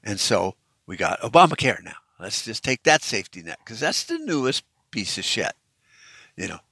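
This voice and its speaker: A man's voice: fairly low pitch, very animated, normal speed, vocal fry, pushed and bright, breathy edge, no room sound. A middle-aged man in a casual opinion monologue, ranting bluntly and swearing freely as he talks. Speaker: vlogger.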